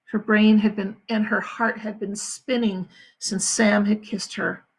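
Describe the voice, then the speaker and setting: A woman school principal reading a novel aloud to her students with expressive storytelling. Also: medium pitch, unhurried, breathy edge. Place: home, livestream.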